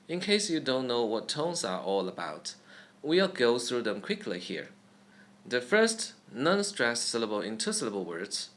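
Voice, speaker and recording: A man's voice: sing-song, unhurried, a bit bright. A young man teaching a beginner Chinese pronunciation lesson, acting out each tone with wide rises and falls in his voice. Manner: demonstrates tones with sweeping pitch changes.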